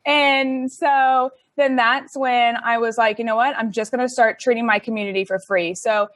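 A woman's voice: fairly high pitch, fairly even intonation, fairly quick, fairly bright tone, no echo, clean studio sound. A young woman telling her story in a chatty, casual way, with many likes and ums and laughs between phrases. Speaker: interview guest.

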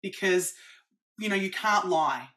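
A woman practitioner, a guest in an interview, explaining her methods in an animated way with examples. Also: mid-range voice, a little slow.

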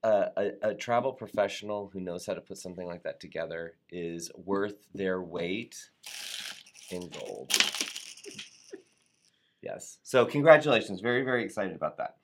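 A man's voice: low-pitched, unhurried, long pauses. A man hosting a live show, reading viewer comments in an upbeat, playful way and sometimes tripping over words. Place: Atlanta area.

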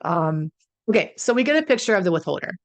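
A woman addiction consultant talking conversationally to her audience, often clearing her throat, her voice a little croaky. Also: fairly low pitch, very animated, fast talker. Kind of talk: solo talk to camera.

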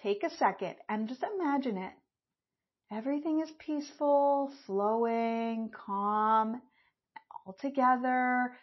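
Candid, animated woman podcast host. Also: a little high, slow, lo-fi sound. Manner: candid, animated, swears casually. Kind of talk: solo podcast talk.

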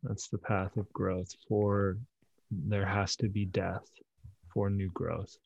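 A man hosting a podcast conversation, talking haltingly with many repeats and fillers. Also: low voice, little pitch movement, creaky, darkish tone, slightly rough, no room sound, muffled recording. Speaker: podcast host. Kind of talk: conversational interview.

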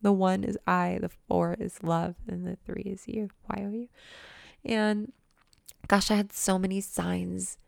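A young woman chatting excitedly in a casual vlog, gushing and swearing casually as a manifestation coach. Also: sits low, creaky, no room sound, studio quality. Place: new apartment.

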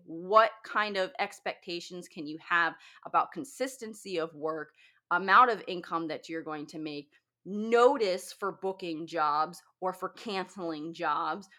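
A woman's voice: lowish voice, measured pace, pushed and bright. A woman who owns a wedding business, giving blunt, profane advice in a casual talk.

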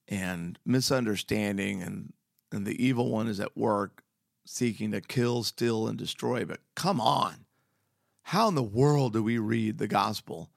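A man's voice: mid-range voice, gravelly, dry recording, clean studio sound. A man giving a casual, earnest devotional talk as a preacher, with slangy, emphatic asides.

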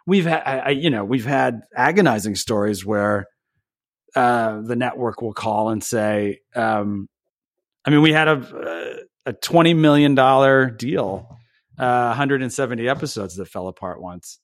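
Earnest, reflective man, mid-pitched voice. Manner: earnest and reflective, with halting restarts. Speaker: TV show creator, guest. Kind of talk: casual podcast interview.

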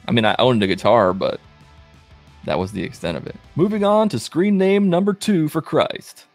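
A man in his late twenties telling stories in a wry, self-deprecating, animated way as a vlogger. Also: fairly low pitch, moderate pace, no room sound, faint music behind. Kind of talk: casual self-mocking storytelling.

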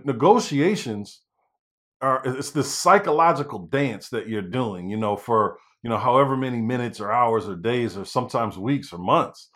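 A man giving a casual spoken lesson on negotiating with sellers, often adding "you know" and "right?". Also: medium pitch. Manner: conversational, many "you know" and "right?" fillers. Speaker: real estate negotiation coach. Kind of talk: casual instructional talk.

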